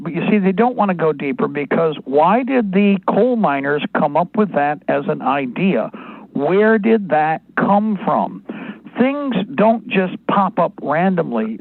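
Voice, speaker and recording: A man hosting talk radio in a gravelly, fairly high voice that wanders from point to point through long asides. The sound is squeezed into a narrow, phone-like band. The room is dry, with no echo. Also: lively intonation, unhurried. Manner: rambling and digressive, with many asides. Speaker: radio host.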